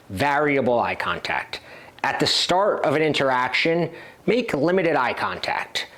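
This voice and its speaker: A dating coach gives instructional talk to the camera in a medium-pitched, fairly bright voice. He speaks directly and confidently, acting out short example lines.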